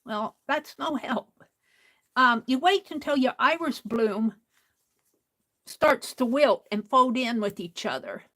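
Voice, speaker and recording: A woman with a slightly high voice chats at a slow, unhurried pace while she works on her stitching. She talks to herself as she goes and often drops to a soft whisper. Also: rough recording. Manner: soft-spoken, drifts into whispers. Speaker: crafting livestream host. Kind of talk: casual chat while stitching.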